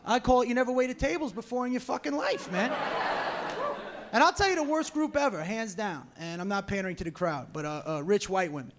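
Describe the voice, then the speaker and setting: Male stand-up, brash and profane, high voice, noisy club mic. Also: fairly quick. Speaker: stand-up comedian. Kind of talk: live stand-up comedy. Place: comedy club stage in New York. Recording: noisy live club recording.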